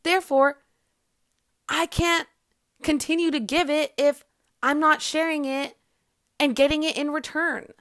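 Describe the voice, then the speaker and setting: A woman's voice: high-pitched, fairly even intonation, measured pace, long pauses, a bit bright, dry recording, studio quality. A woman hosting a podcast in a casual self-help monologue, blunt and emphatic, swearing freely and acting out her own inner voice. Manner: acts out her inner voice in quotes. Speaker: podcast host.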